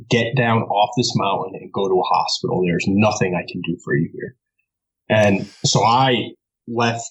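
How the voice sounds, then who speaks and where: A New York man guesting on a podcast tells a story casually and animatedly, laughing a lot and swearing freely. His voice is fairly low with a breathy edge, and the recording is rough.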